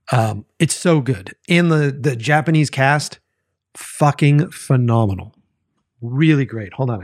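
A man with a gravelly, fry-laden voice talks loosely into the mic as a podcast host, swearing freely and wandering between fillers and restarts. The sound is dry and close, with no room around it. His pitch sits in the middle range for a man. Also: a little mellow, dry recording. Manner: rambling, profane, many fillers. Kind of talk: casual solo podcast chat.

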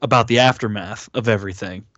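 A man's voice: lowish voice, quick pace, a bit bright, no echo, lo-fi sound. A man co-hosting a podcast, casually recapping a horror movie, rambling with lots of fillers and swearing, often acting out lines from the film. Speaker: podcast co-host.

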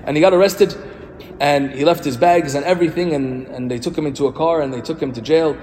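A man's voice: a little high, fairly quick, darkish tone, a little hiss or hum. A man, a priest giving a sermon in a conversational storytelling way with rhetorical questions. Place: church. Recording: reverberant church hall, faint ambience.

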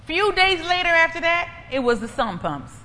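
Lively woman preaching in an echoey hall. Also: very high-pitched, normal speed. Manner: emphatic, repetitive, conversational. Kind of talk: preaching with personal testimony. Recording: echoey hall, faint ambient noise.

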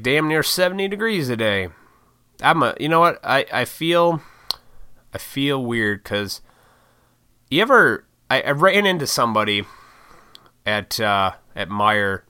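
A man's voice: medium pitch, bright, forceful tone, clear, resonant tone, dry recording, studio quality. A man in his thirties chatting on his own vlog, rambling and swearing casually with frequent laughs. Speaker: YouTuber and podcaster. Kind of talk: casual solo vlog chat.

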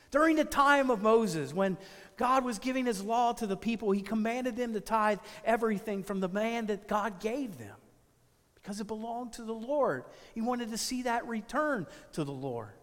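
A male pastor with a high voice delivers a sermon in a church sanctuary. He speaks in measured phrases and lets words stretch out, and a long reverb trails each line. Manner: measured preaching with drawn-out phrases.

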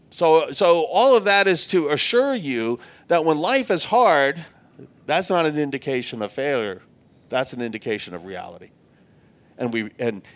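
Male preacher, earnest and reflective, pitch rising and falling widely through the sermon. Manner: earnest, reflective, repeats words when restarting.

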